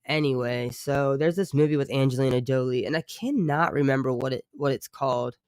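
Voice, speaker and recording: A man who makes true crime streams and music, chatting live with his viewers in a loose, rambling way, full of swearing and quick reactions to the chat. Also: medium pitch, clear, resonant tone, no echo, clean studio sound. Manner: profane, rambling, animated asides to chat.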